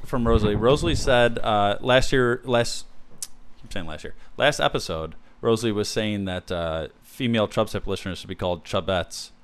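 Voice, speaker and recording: A man's voice: fairly low pitch, moderate pace, smooth. A man co-hosting a podcast in casual chat, rambling with lots of fillers and restarts. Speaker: podcast co-host.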